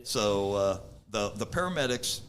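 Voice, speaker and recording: A man's voice: lowish voice, lively intonation, unhurried, fairly bright tone. A middle-aged man, a podcast guest, telling stories casually in a rambling way with many fillers and acted-out quotes. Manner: rambling, filler-heavy storyteller who acts out what people said. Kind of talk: casual storytelling.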